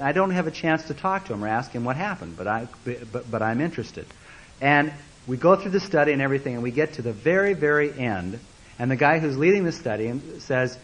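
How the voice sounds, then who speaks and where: A man preaching a sermon as a story, animated and repeating words, acting out the voices of the people in it. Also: mid-range voice, low-quality recording.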